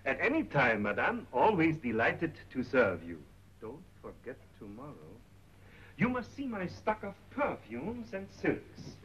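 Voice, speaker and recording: An actor playing a soft-spoken, coaxing shopkeeper with scheming motives in a 1930s film. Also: male voice, on the high side, big pitch swings, unhurried, husky, heavily acted. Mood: oily. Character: smooth, scheming shopkeeper courting a young woman. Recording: muffled old 1930s film soundtrack with hiss.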